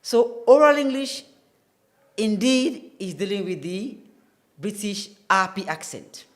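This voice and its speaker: A man's voice: high-pitched, takes it slowly. A man teaching a televised English lesson, explaining carefully and spelling words out letter by letter. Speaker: English tutor.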